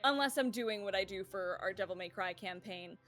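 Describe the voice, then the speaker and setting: Bright-voiced woman, casual game-stream chatter, filler-heavy, over light music. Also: mid-range voice, fairly quick. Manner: chatty, laughing, many fillers. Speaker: player of a tabletop game. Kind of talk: casual chat about character voices.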